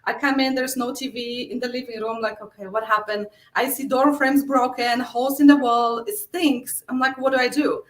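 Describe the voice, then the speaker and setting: A woman's voice: on the high side, fairly even intonation, normal speed, few pauses. A middle-aged woman with a Polish accent, a guest telling stories in a casual interview, acting out her own quotes and laughing often. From Poland. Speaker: guest, real estate investor. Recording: echoey room.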